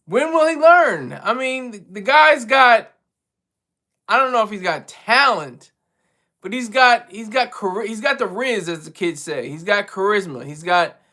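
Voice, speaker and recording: A man with a high, bright voice talks casually on a home livestream. He rambles and restarts his sentences often. He keeps putting himself down. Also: measured pace. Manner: rambling, self-deprecating, many restarts. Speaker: livestream co-host and regular caller.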